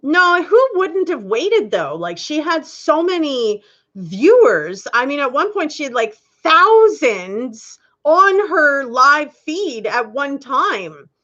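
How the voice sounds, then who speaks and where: A woman's voice: high-pitched, sing-song, slow, sharp tone, dull audio. A woman hosting a casual live stream, chatting candidly with viewers and laughing often.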